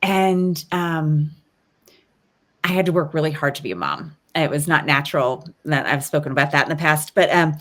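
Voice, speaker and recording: A woman with a low-pitched, expressive, slightly bright voice speaks at a moderate pace. As a podcast guest and resilience expert, she coaches thoughtfully through a casual interview, dropping frequent ums and rhetorical "right?"s.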